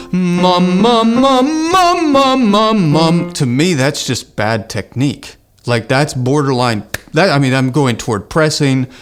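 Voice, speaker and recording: A man, teaching an online singing lesson in an earnest, encouraging way. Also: medium pitch. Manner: earnest, encouraging, breaks into sung exercise demos. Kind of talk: online vocal lesson with sung demonstrations.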